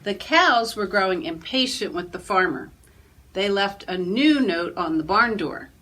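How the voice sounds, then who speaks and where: A woman, a children's librarian, reading a picture book aloud with expressive storytelling. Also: medium pitch, a little slow.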